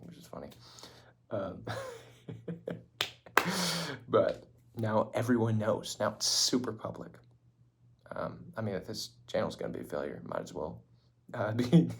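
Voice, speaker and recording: A young man talks casually to the camera from his room at home, wandering from one thought to the next and laughing often. His voice is low and gravelly, and his pitch swings around a lot. Now and then he drops into a whisper. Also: a little hiss or hum. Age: young adult. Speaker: vlogger.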